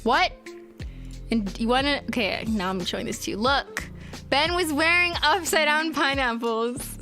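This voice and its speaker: A woman in her late twenties chats casually while opening fan mail on a live stream. Her voice sits a little high and she speaks slowly, with swearing and frequent laughter. Music plays clearly underneath. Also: expressive, sharp tone. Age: late 20s.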